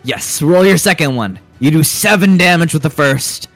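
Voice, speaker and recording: A man narrating a tabletop game as game master, unhurried and hesitant with fillers. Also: on the high side, animated, fairly bright tone, soft background music.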